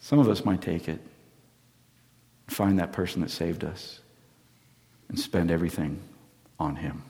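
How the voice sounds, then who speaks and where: A man preaching a sermon as pastor, telling a story that swings from loud emphasis down to near-whispers. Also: low-pitched, measured pace. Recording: long hall reverb.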